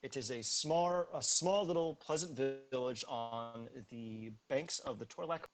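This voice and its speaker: A man narrating a tabletop role-playing game as game master, explaining rolls quickly between relaxed fillers. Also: mid-range voice.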